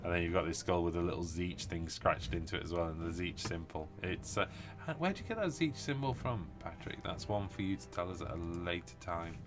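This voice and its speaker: A British man with a deep, low voice hosts a casual live stream, rambling eagerly through his chat with plenty of ums. He sounds tired from too little sleep. Faint music plays softly behind him. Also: fairly quick. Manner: enthusiastic, rambling with many fillers. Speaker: host of a tabletop wargaming live stream.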